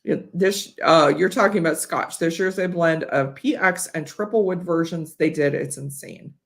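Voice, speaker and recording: A woman's voice: low-pitched, normal speed, vocal fry. A woman from Ohio hosts a casual live whiskey tasting from her home studio. She talks in a chatty, rambling way, full of fillers and restarts, and sounds a little tipsy. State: a bit tipsy. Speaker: whiskey livestream host. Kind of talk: casual live-stream chat.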